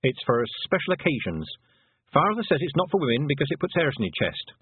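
A man's voice: fairly high pitch, big pitch swings, fairly quick, breathy edge, dry recording, pitched above the performer's own voice, heavily acted. A man voicing a determined young girl who talks sharply and urgently. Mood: matter-of-fact. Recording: dry, phone-like narrow sound.

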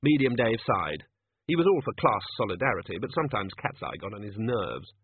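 Husky male audiobook narrator, tinny sound. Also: fairly low pitch, sing-song, brisk. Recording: tinny phone-like dry audio.

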